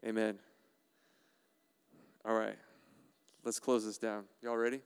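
A man preaching a sermon as a pastor, animated and playful, often putting questions to the congregation. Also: fairly low pitch, takes it slowly, long pauses, clear, resonant tone. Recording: resonant voice with long hall reverb.

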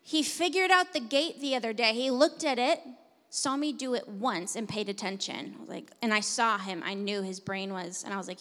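Bright-voiced woman pastor preaching in a hall. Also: medium pitch. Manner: expressive, swings between hushed and loud preaching. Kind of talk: sermon. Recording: long hall reverb.

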